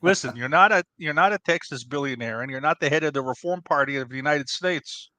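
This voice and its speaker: A man puts on a bossy pizza-joint owner who lectures and scolds his partner in a comedy debate. The voice sits fairly high and rings bright and sharp, recorded close and dry. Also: quick pace, no echo. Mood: boastful. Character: brash middle-aged male pizzeria owner, bossy know-it-all.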